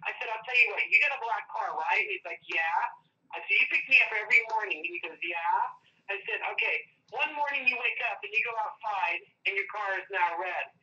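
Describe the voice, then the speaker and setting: A woman's voice: medium pitch, brisk, bright, forceful tone. A woman calling in to a live stream, chatting eagerly and laughing often. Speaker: caller. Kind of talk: casual call-in chat. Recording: distant tinny phone line.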